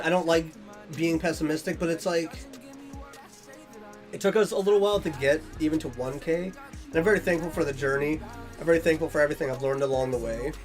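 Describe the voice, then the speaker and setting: A young man with a slightly high voice talks earnestly to his viewers, restarting sentences and getting emotional. Casual livestream chat, with faint music playing underneath. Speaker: streamer.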